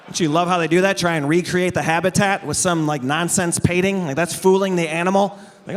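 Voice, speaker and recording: A man in his thirties works a live crowd as a stand-up comic. His voice sits a little high. He talks into a stage mic, dry and sarcastic, teasing people in the room. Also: steady tone, normal speed, slight background noise. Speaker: comedian. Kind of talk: stand-up comedy. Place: stage before a live audience. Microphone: amplified stage microphone.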